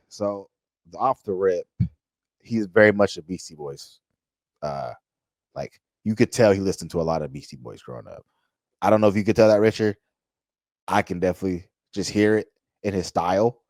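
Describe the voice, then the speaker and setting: A man with a deep, slightly mellow voice hosts a casual music reaction, talking directly to his viewers. He's loose and chatty, restarting often and throwing in hype phrases, and there's no room sound on the recording.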